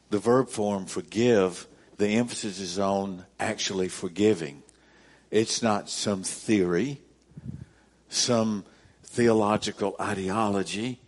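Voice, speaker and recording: Slow, low-voiced male pastor preaching. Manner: deliberate, repeats key phrases for emphasis. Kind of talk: sermon. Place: church service.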